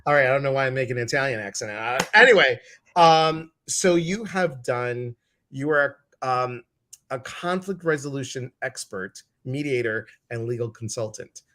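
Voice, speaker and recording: A man's voice: mid-range voice, expressive, moderate pace, sharp tone. A man hosting a casual live-stream interview, chatty and exuberant, greeting viewers and reading their comments aloud. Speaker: host.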